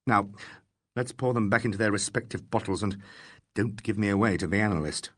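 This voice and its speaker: A man voicing a calm, wry police inspector in a classic mystery audiobook. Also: on the low side, brisk, lightly acted.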